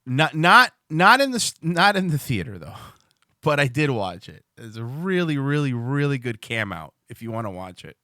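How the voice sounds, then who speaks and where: A man's voice: medium pitch, sing-song, normal speed, bright, forceful tone, dry recording, studio quality. A man hosting a livestream show, rambling and swearing casually as he chats to viewers. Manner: rambling, profane, restarts a lot.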